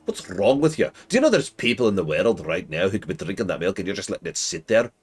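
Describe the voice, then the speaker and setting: A man voicing a gruff male dwarf in a put-on fantasy dwarven accent, scolding with indignant questions. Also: deep voice, sing-song, fast, heavily acted.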